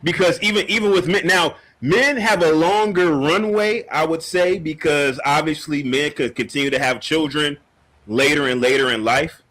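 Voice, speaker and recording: A man on a casual podcast discussion, laying out an opinionated argument in a deliberate, point-by-point way. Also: fairly high pitch, fairly bright tone, rough recording.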